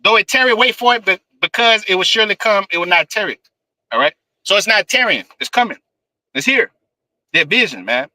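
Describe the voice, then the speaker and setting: A man's voice: high-pitched, expressive, a little fast, sharp tone, low-quality recording. A man preaching scripture in a fiery, profane style, with emphatic repetition and "man" tagged on nearly every line. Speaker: street preacher.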